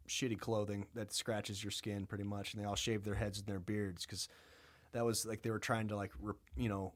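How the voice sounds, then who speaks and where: A man co-hosting a podcast, retelling a story in a casual, animated way with acted-out voices and plenty of swearing. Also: fairly low pitch. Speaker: podcast co-host.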